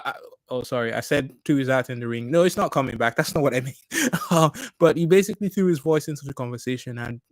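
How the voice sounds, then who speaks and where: A man hosting a podcast, giving casual political commentary in an excitable way, laughing often and stumbling over repeated words. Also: mid-range voice, dry recording. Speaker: podcast host. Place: at home.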